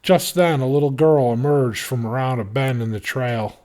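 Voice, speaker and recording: Man reading a novel aloud. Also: medium pitch. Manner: steady, measured narration. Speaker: narrator. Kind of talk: audiobook reading.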